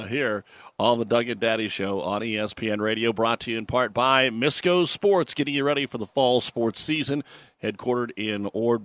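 A man's voice: mid-range voice, a bit bright, no echo. A man hosting a sports radio show, reading news and sponsor spots with the odd filler. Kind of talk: sports radio talk and live ad reads.

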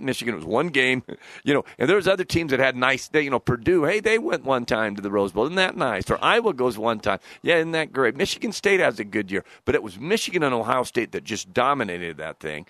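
Fast-talking folksy radio co-host. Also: male voice, medium pitch, a bit bright, dry recording. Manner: rambling, folksy, many "you know"s, laughs often. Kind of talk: casual sports radio chat.

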